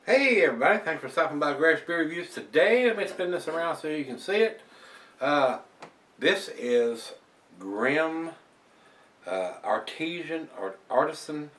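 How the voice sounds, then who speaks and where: A man's voice: a little high, very animated, unhurried, fairly bright tone, recorded from a distance. A man in his home kitchen, giving a casual beer review in a rambling, folksy, chatty way. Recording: roomy echo, voice off-mic.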